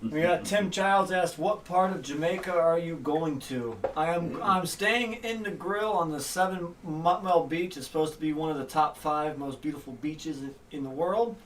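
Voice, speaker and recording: A man with a fairly high voice reads out donations and chat messages during a casual livestream. He sits away from the mic, and a faint hum of room noise runs underneath. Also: normal speed, hardly any pauses, a bit bright, far from the mic. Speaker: livestream co-host.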